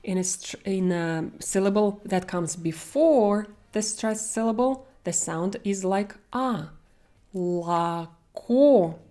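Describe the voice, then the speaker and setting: A woman's voice: mid-range voice, animated, measured pace, hardly any pauses, warm tone. A young woman with a Russian accent teaching pronunciation in an online lesson, speaking carefully and stretching out example words.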